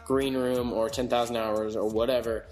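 A man's voice: medium pitch, flat delivery, normal speed, a little mellow. A male podcast co-host chatting casually, sarcastic and prone to rambling restarts. His voice sits in a mid range and rings in an echoey room. Faint music plays underneath.

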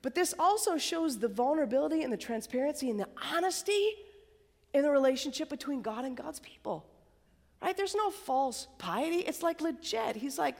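A woman preaching a sermon at a college worship service in a conversational, chatty way, sometimes dropping to a soft whisper. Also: high voice, animated, normal speed, creaky, in a large hall. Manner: conversational, chatty, tag questions and "like"; drops to a soft whisper for emphasis. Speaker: campus preacher.

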